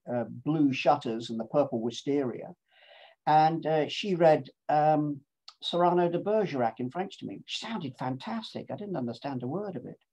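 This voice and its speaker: A man with a fairly high-pitched but dark-toned voice gives a chatty, playful talk about his long cycling pilgrimage, mixing in travel video clips. His stories are cheerful and self-mocking. The sound is lo-fi.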